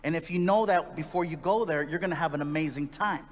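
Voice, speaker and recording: A man telling a story as a stand-up comedian, in an animated, jokey manner that slips into acted-out voices. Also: on the high side, fast.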